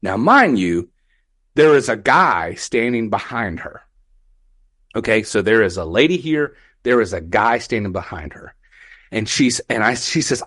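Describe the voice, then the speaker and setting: Animated firefighter man telling a story. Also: mid-range voice, normal speed, no echo, clean studio sound. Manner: animated, quoting others in raised voices. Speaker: firefighter podcast host. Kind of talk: casual storytelling.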